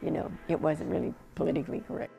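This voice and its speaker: A woman speaking in an interview, animated and laughing between points. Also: low voice, fast talker, creaky, faint music behind.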